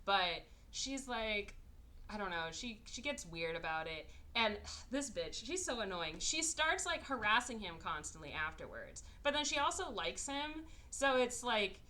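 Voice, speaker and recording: A woman's voice: medium pitch, very animated, unhurried, pushed and bright. A woman podcast host in casual chat, sarcastically recapping a movie and acting out its characters in exaggerated voices.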